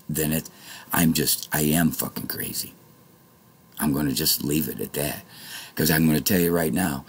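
A vlogger with a very deep, gravelly voice, husky and rough at the edges, speaks straight to his viewers in a rambling monologue. He swings from quiet muttering to angry shouting and swears often.

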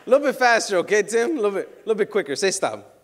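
A man performing card tricks for an outdoor crowd, joking and teasing volunteers, now and then shouting to hype them up. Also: sits high, animated, rapid-fire, a little hiss or hum. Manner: playful, teasing, bursts into loud hype. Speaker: street magician.

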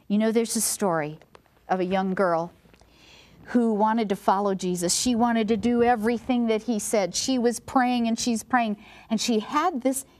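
Expressive woman telling Bible stories. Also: a little high, normal speed. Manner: expressive storyteller, drops to a soft hush for emphasis. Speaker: devotional and health segment host. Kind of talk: devotional Bible talk.

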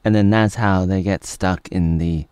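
Low-voiced man rambling through a reaction. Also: steady tone, measured pace, darkish tone, clean tone, dry recording, clean studio sound. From United States. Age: 30s. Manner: rambling, jokey, jumps into silly voices. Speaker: commentator. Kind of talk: casual reaction commentary.

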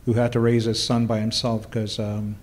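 A man's voice: lowish voice, completely flat delivery, moderate pace, a little mellow, slight background noise. A man with a Hawaiian accent who tells ghost-tour stories in a laid-back, dry-humored way during a casual chat recorded live in a bar. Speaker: ghost tour guide and storyteller.

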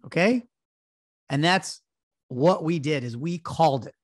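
A man in his thirties co-hosting a sports podcast, talking in a slightly higher register with lively, self-deprecating storytelling. His voice is dry and close, with no room sound. He chats casually about games and bets. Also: unhurried, no room sound. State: recovering from illness. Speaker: podcast co-host. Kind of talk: casual sports betting chat.

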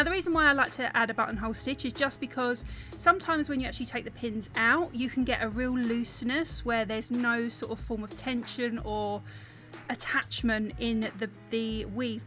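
A young woman from South East London narrates a craft tutorial, her accent clear as she drops her T's. Her voice is bright and a little high, and she explains each step in a chatty, apologetic manner. Faint music plays underneath. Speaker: embroidery tutor.

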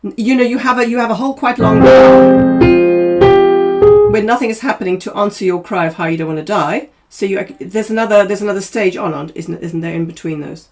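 Female vocal coach, average pitch, runs a masterclass with quick probing notes and hummed phrases over a soft piano. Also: steady tone. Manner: probing, talks in quick bursts, hums and sings snippets.

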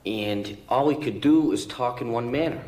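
A man speaking in an interview, giving measured, earnest advice. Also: mid-range voice, darkish tone. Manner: measured, instructive. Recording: roomy, distant recording.

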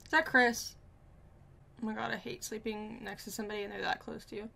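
Young woman, reaction host, emotional, exclaiming, slightly high, gravelly fry. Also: little pitch movement, a little fast, sharp tone. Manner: emotional, gasping and exclaiming, talking to herself. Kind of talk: casual reaction commentary.

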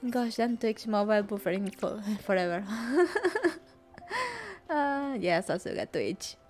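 A woman's voice: medium pitch, animated, slow, a little mellow, faint music behind. A woman streaming a video game, emotional, with whispered gasps and exclamations. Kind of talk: game commentary.

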